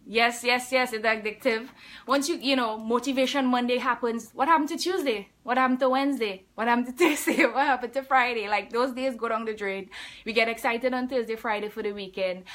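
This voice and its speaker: A woman's voice: fairly high pitch, fairly bright tone. A woman fitness coach talking casually on a live stream, laughing often and answering viewer comments.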